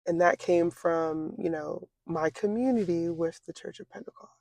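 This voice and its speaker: A young woman in her twenties with a gravelly, creaky edge to her medium-pitched voice. She talks things through slowly, circling back with fillers and restarts. The sound is dry and close, with no room around it. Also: a little mellow, no room sound. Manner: reflective, halting, with many fillers and restarts. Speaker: interview guest. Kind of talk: casual conversation.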